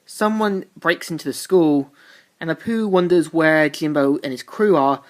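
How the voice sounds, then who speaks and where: A woman's voice: sits low, unhurried. A woman reviewing a comic, retelling the story in a chatty, rambling way. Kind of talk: casual comic recap.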